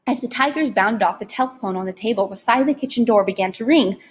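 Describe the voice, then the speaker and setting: Husky-voiced woman reading an audiobook. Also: fairly high pitch, quick pace. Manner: steady, expressive storytelling. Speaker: audiobook reader. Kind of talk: audiobook narration.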